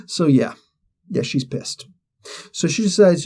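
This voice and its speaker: A man's voice: fairly high pitch, slow, pauses often, a little mellow. A man hosting a show, casually retelling a comic story in a slangy, rambling way, acting out the characters' lines. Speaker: host.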